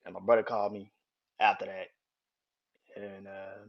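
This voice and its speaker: A man with a lowish voice and fairly even intonation talks at normal speed, pausing often. As host of his own podcast, he casually tells a rambling, repetitive personal story, swearing freely and chuckling frequently, with dull lo-fi sound.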